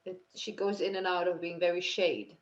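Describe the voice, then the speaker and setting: A woman narrating a tabletop game as game master, describing scenes slowly with many fillers and restarts. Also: fairly low pitch, fairly even intonation. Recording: dull lo-fi sound.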